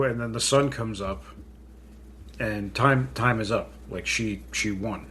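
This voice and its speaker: A podcast co-host casually recaps a horror comedy film, blunt and laid-back, swearing plenty along the way. His medium-pitched voice is a little slow and a bit bright, with a slight hiss or hum in the background.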